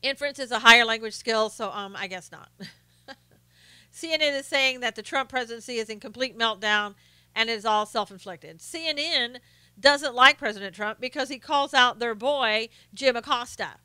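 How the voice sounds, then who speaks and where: A woman's voice: fairly high pitch, normal speed, sharp tone, smooth, dry recording. A woman hosting a live stream, giving opinionated casual political commentary and greeting chat viewers by name, with many fillers and restarts.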